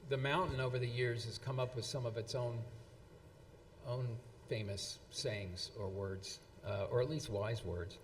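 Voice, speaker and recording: A man's voice: mid-range voice, measured pace, a little hiss or hum. A man giving a speech at an anniversary event, reading quotes with frequent fillers and restarts. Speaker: event presenter. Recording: long hall reverb.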